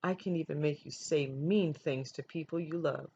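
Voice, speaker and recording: Lady doing a high eager little anger monster for a storybook, kinda muffled recording. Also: moderate pace, gravelly, mellow. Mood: coaxing. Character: hairy red anger creature, friendly, coaxing. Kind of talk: storybook read-aloud. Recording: dull lo-fi recording, faint noise.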